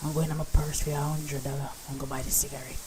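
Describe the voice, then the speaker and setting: A woman with a Jamaican accent voicing a jealous, sharp-tongued older woman who scolds in bossy patois. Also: low voice, little pitch movement, racing, background noise, natural voice. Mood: dismissive.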